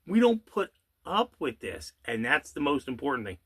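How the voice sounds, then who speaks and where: Big pitch swings mark this man's higher, husky, slightly bright voice as he rants angrily on his own channel. Sarcastic rhetorical questions and an odd swear word come through, and he drawls some words slowly for emphasis.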